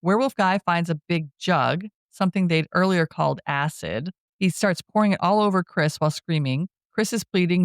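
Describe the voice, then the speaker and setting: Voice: mid-range voice, fairly quick, hardly any pauses, dry recording, studio quality. A podcast co-host giving a casual scene-by-scene movie recap, acting out quotes and laughing often. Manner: retells scenes with acted-out quotes.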